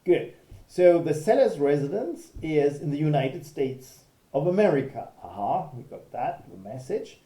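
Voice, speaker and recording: Guy lecturing on law, dark raspy voice, keeps saying okay, roomy echo. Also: a little high, sing-song, unhurried. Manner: explanatory, emphatic, checks in with "okay". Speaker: law professor. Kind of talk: recorded video lecture.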